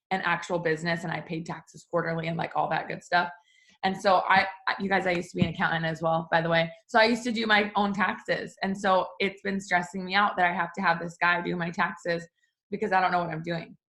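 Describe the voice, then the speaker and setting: A woman telling a personal story in a casual vlog, chatty and talking straight to her viewers. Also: a bit bright. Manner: chatty, addresses viewers directly; acts out quoted exchanges in a higher voice. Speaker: small business owner vlogger.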